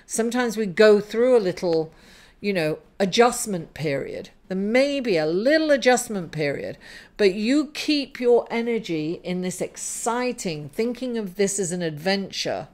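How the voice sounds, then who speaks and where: A woman's voice: medium pitch, expressive, unhurried, darkish tone. A middle-aged woman giving an upbeat, encouraging tarot reading, affectionately calling the listener darling. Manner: effusive, calls listener darling. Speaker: tarot reader.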